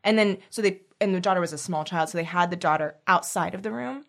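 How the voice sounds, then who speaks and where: A woman in casual chat, telling a story in an animated way and acting out the quotes. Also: lowish voice, fast talker, creaky.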